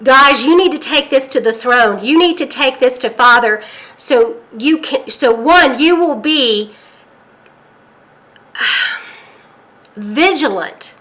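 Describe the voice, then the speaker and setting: A woman from the United States recounting a dream as an earnest spoken testimony, halting and restarting, then pressing urgent warnings. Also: high voice, expressive, bright, forceful tone. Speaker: prophetic dream teller.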